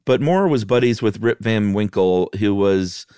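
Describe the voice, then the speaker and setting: A man co-hosts a casual podcast, wry and teasing in his banter. His voice sits fairly low and comes across smooth and clear, with a dry, close recording. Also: a little slow, mellow, no echo. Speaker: podcast co-host. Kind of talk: casual chat.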